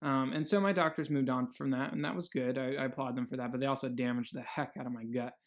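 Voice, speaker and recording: A man's voice: mid-range voice, steady tone, fast. A young man talking earnestly in a casual video diary, rambling with many fillers and restarts. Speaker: health vlogger.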